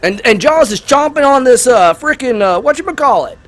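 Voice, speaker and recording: A man casually chatting over a video game while retelling a movie plot, rambling and excitable, with lots of fillers. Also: extremely high pitch, brisk. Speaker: gaming YouTuber. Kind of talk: casual gameplay commentary with movie review.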